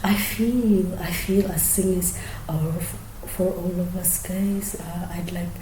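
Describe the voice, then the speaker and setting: A woman explaining her singing technique in a soft, often half-whispered, hesitant way with many fillers. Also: lowish voice, a little hiss or hum. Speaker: singing teacher. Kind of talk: casual singing tutorial. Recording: roomy echo.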